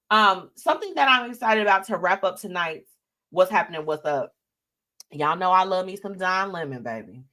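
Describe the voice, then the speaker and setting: On a live show, a woman chats casually and with sass about celebrity news, reading viewer comments aloud. Her medium-pitched voice is animated and brisk.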